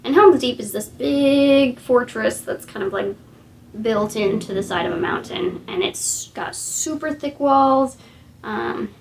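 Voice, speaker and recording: Woman, rambling casual retelling, chatty, vocal fry, a bit high-pitched. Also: animated, a little slow, a little hiss or hum. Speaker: storyteller.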